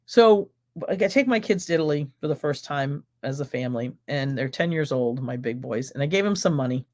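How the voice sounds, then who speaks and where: A woman's voice: a bass voice, animated, fairly quick, a little mellow. Exuberant American woman chatting live. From United States. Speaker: host of a live stream. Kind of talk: casual live-stream Q&A.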